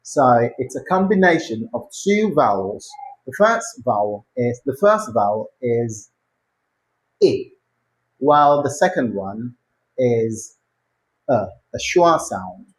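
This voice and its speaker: A pronunciation teacher leading a lesson, modelling words slowly and repeating them for the learner to copy, with short encouraging prompts. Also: medium pitch, lively intonation, low-quality recording. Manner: slow, drawn-out model words repeated for practice.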